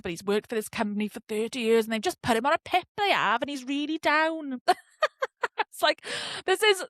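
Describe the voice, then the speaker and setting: In a casual ranting monologue, a young female podcast host tells a story and curses freely. She has a slightly high voice, recorded at studio quality with no echo.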